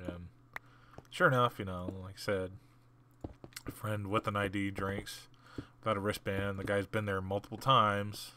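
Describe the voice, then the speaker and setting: A man hosting a gaming channel, casually telling a story while he plays and jumping higher in pitch when he quotes people. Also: normal speed, a little hiss or hum. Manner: animated retelling, jumps higher when quoting people.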